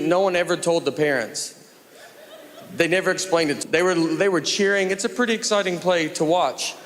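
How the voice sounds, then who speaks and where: Deadpan middle-aged comic on a live stage, noisy crowd audible behind him. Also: male voice, on the high side. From Tennessee, USA. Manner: deadpan, rambling storytelling. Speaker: stand-up comedian. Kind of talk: stand-up comedy set. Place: comedy stage with live audience. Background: audience laughter.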